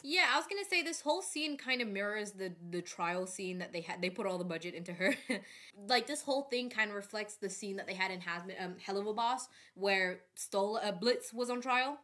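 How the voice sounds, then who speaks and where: Bright-voiced woman reacting to a show. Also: mid-range voice, lively intonation, a little fast. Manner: chatty, joking asides. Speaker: reaction video host. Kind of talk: casual reaction commentary.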